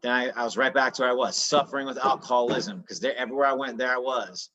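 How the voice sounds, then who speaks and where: A man's voice: mid-range voice, fairly even intonation, fast, pushed and bright, muffled recording. Candid man in his thirties telling his story. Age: 30s. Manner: casual, slangy, earnest, with fillers.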